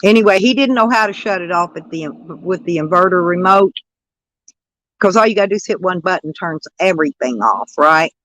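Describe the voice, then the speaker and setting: A woman's voice: lowish voice, expressive, brisk, a bit bright, no echo. A woman chatting casually on a live stream, rambling and greeting viewers by name. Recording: dull dry lo-fi sound.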